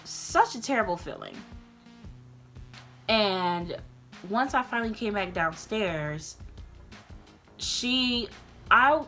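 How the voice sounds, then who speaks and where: A woman's voice: mid-range voice, animated, slow pace, pauses often, faint music behind. Earnest young woman telling her story. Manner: earnest, emotional, gets loud and passionate; loose, rambling, many restarts. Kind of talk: candid personal storytime.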